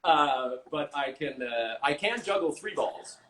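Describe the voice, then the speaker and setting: A man's voice: a little high, a little slow, low-quality recording. Easygoing man improviser chatting. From Canada. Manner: relaxed, easygoing, many fillers. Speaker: guest, actor and improviser. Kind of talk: casual chat.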